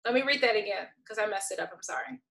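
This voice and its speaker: A woman gives a casual tarot reading, playful and exasperated, laughing often as she swings between soft mutters and loud outbursts. She talks fast in a medium pitch, and the audio is poor.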